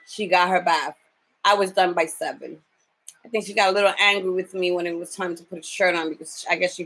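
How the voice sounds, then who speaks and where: In a casual video diary, a home caregiver speaks in a lowish voice over a rough recording. Worn out from lack of sleep, she vents bluntly and swears freely.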